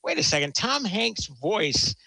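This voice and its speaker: Guy gushing about a movie, keeps restarting, bright voice, slightly high. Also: sing-song, measured pace, creaky, no echo, poor audio. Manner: enthusiastic, rambling with many restarts. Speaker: film critic guest. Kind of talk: casual chat.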